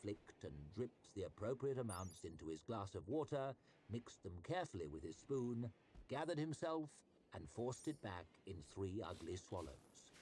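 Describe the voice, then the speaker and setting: A man with a lowish voice reads a fantasy novel aloud in a measured, expressive way. His pitch rises and falls widely through each sentence, and a faint background noise sits under the reading. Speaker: narrator. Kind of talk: audiobook-style fantasy narration.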